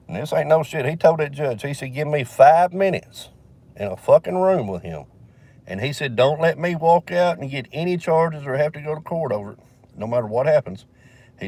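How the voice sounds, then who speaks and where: A man's voice: medium pitch, a little mellow. A man from Alabama with a Southern accent, telling a long story in a casual vlog, swearing heavily and rambling with fillers, recorded in a vehicle.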